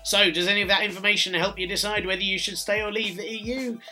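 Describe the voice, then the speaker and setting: Sardonic British man with a bright voice. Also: high voice, steady tone, quick pace, soft background music. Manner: sardonic, dry mocking delivery. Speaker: satirical news presenter. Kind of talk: scripted satirical monologue.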